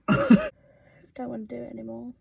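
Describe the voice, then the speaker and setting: A woman's voice: a little high, normal speed, a little mellow. A young woman co-hosting a casual chat, talking in a blunt, sweary, mock-scolding way. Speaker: co-host.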